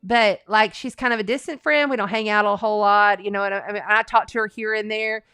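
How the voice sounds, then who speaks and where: A woman's voice: mid-range voice, steady tone, a little fast, pushed and bright, clean tone, no echo, studio quality. A woman hosting a live astrology and tarot stream, talking in a chatty, rambling and folksy way. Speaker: astrology and tarot livestream host. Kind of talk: casual livestream chat.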